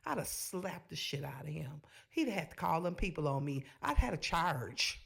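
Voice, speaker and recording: A woman hosting a reaction video, giving sassy, animated commentary straight to her viewers. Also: low voice, normal speed, creaky, breathy edge.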